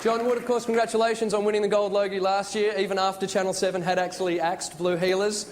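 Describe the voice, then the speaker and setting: Aussie guy hosting an awards night, dry stand-up jokes, highish voice, big crowd noise around. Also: flat delivery, fast. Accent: Australian. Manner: dry, wry joke delivery. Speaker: awards show host. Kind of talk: stand-up comedy monologue. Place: large theatre at a live awards ceremony. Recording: live stage with crowd and noise.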